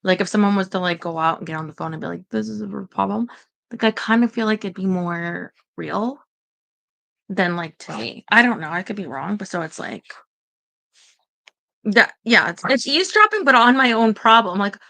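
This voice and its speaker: A woman's voice: medium pitch, expressive, moderate pace, gravelly, sharp tone. A woman rambling anxiously in casual livestream chat, talking straight to her viewers.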